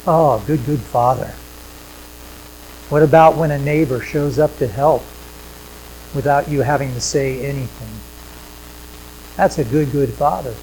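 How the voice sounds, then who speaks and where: Male pastor, mid-range voice, chatty sermon that swells for emphasis and drops to soft asides, light hum underneath. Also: medium pitch, unhurried, pauses often, rough recording. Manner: conversational preaching, swings between loud emphasis and quiet asides; repeats phrases for emphasis. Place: church sanctuary with projection screens.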